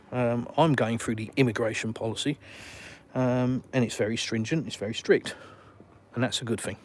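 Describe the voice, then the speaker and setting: A man's voice: mid-range voice, a little hiss or hum. An Englishman live-streaming from his phone while walking around outdoors, reading viewer comments in a blunt, outspoken way and swearing casually. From England.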